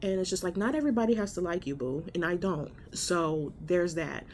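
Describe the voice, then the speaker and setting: A woman's voice: fairly low pitch, expressive, brisk, darkish tone, slight background noise. A woman telling a story in a casual vlog from a hospital room, blunt and profane, exasperated as she recounts it. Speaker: vlogger.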